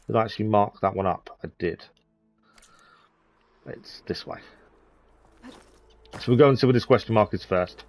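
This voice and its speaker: A man's voice: on the low side, no room sound. A man from the East of England chatting casually as he plays a game on stream, thinking aloud with plenty of ums. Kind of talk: casual gameplay commentary.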